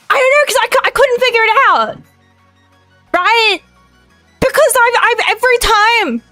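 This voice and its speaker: High-voiced energetic Australian woman streamer. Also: dry recording, poor audio. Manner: energetic, loud, rambling. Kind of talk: casual live-stream chat.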